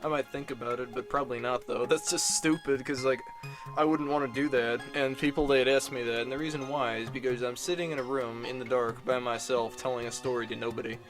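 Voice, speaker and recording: Young man from Illinois, casual vlog Q&A, rambling and profane, mid pitch, music underneath. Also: fairly even intonation, brisk. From Illinois, USA. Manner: rambling, profane, self-deprecating, lots of fillers. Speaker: YouTuber answering viewer questions. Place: dark room, alone.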